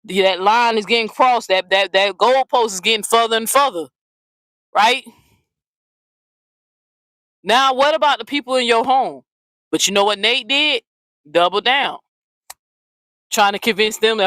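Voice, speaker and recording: A woman's voice: a little high, animated, unhurried, long pauses, fairly bright tone, dry recording, rough recording. A woman hosting a commentary channel, ranting bluntly and profanely, often repeating herself. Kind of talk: heated casual commentary rant.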